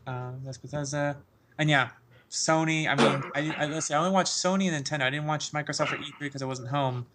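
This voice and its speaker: A man in a casual podcast chat, excitable and rambling, laughing often as he talks about games. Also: fairly high pitch, fast, noisy background. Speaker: podcast co-host.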